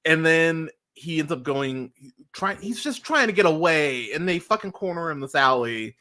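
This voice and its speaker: Bright, forceful man in casual podcast chat. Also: normal speed. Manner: animated, swears freely, voice jumps high when worked up. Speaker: podcast co-host reviewing a TV series.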